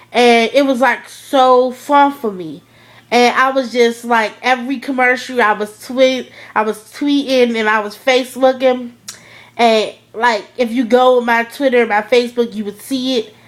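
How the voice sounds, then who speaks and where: A young woman with a fairly high voice talks slowly and casually to her viewers. She gushes as she goes, her sentences full of "like" and "oh my goodness". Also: a bit bright. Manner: gushing, lots of "like" and "oh my goodness". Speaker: vlogger reviewing a TV episode. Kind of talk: casual excited chat.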